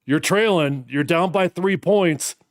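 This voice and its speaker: A man in his thirties hosting a live watch party, reacting to a football game with animated, fired-up commentary. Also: on the high side, a little slow, no room sound, clean studio sound. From United States.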